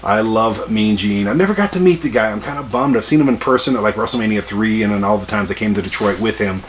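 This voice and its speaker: A man's voice: fairly low pitch, fast, slight background noise. A man in his forties hosting a collecting vlog, chatty and jokey with self-deprecating asides. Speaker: collector vlogger. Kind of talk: casual rambling vlog.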